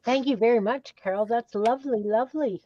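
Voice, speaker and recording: A middle-aged woman hosting an art live stream, chatting in an easygoing way and thinking out loud. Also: on the high side, fairly quick, dry recording. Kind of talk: casual chat. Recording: dull, dry online stream audio.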